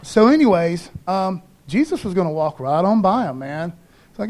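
High-voiced laid-back male preacher. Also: big pitch swings, moderate pace, darkish tone. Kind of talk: casual sermon.

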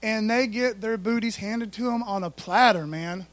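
A man's voice: high-pitched, moderate pace, a bit bright, no echo. A man preaching a sermon in a folksy, conversational way, full of asides to the congregation. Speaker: pastor.

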